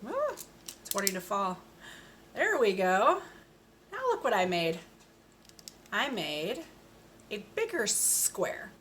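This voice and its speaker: A woman teaching speech sounds to a young child, speaking slowly and patiently with bright, clear tone. Each sound is modeled deliberately and encouragingly. Faint ambient noise in a small room. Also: mid-range voice, wildly swooping pitch. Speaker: speech therapist.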